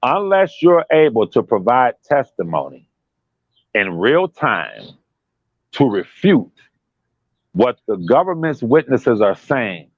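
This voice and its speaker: Emphatic, animated man, lo-fi sound. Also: medium pitch, slow pace, long pauses, no room sound. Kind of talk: casual commentary chat.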